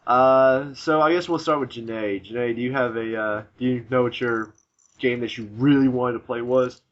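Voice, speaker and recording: A man's voice: medium pitch, steady tone, moderate pace, muffled recording. A young man hosting a casual gaming podcast, rambling, swearing freely and laughing at his own jokes. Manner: profane, giggly and rambling. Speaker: podcast host. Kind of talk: casual chat.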